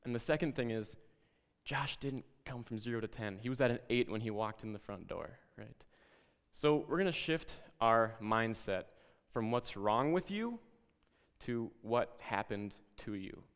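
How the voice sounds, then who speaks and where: A man presents a lesson in a calm, reflective way, guiding listeners through a story. His voice sits at an ordinary middle pitch. A long reverb trails behind every phrase. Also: smooth.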